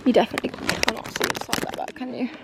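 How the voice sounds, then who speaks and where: A young Englishwoman vlogs into a handheld camera on a boat trip along the coast, her voice sitting a little high. She chats in a bubbly, giggly way, and boat engines and outdoor noise come through clearly behind her. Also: quick pace. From England. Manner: chatty, giggly, often says "little" and "love it". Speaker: travel vlogger. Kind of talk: casual vlog narration. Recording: noisy outdoor ambience with boat sounds.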